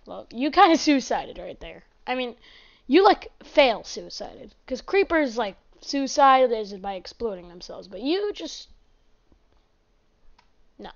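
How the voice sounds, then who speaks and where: A woman with a high, bright voice rambles through casual gameplay commentary, chatty and excitable, breaking into sudden exclamations. The recording sounds dull and lo-fi, like a cheap home mic. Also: slow, pauses often. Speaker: gaming channel host.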